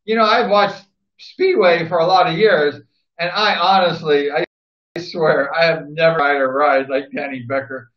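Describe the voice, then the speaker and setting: A man's voice: on the high side, steady tone, moderate pace. A man reminiscing about a speedway rider, rambling and repeating himself with enthusiasm. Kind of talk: casual spoken tribute. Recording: roomy, dull lo-fi recording.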